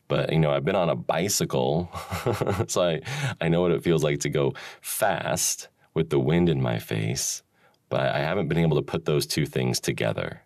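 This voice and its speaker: A man's voice: rumbling low, measured pace, creaky, dry recording, studio quality. A man hosting a solo talk, rambling and musing with frequent chuckles and restarts. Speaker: podcast host. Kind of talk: solo reflective monologue.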